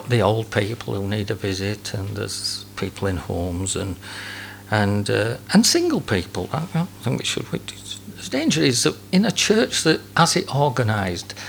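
Guy preaching, gravelly, keeps tripping over words, faint hum behind. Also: on the low side, fairly bright tone. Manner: halting, repeats words, chuckles between points. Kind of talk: sermon.

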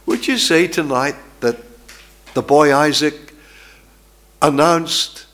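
Male preacher, sermon; emphatic, dramatic storyteller with a slightly high voice. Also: lively intonation, takes it slowly, pauses often, a bit bright.

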